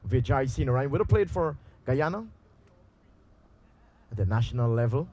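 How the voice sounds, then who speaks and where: A man calls a community cricket match live from an outdoor ground. His voice is mellow and dark. He talks loosely, pausing and filling gaps with "uh" as the play unfolds. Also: medium pitch, dry recording. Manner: relaxed, loose delivery with frequent pauses and filler. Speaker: cricket commentator. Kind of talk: live amateur cricket commentary. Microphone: handheld mic through a loudspeaker.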